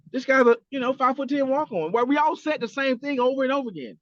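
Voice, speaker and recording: A man's voice: very high-pitched, quick pace, hardly any pauses, dry recording, muffled recording. A man co-hosting a podcast, talking casually and with animation, swearing a lot and acting out quotes. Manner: animated, profane, acts out quotes. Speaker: podcast co-host. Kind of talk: casual chat.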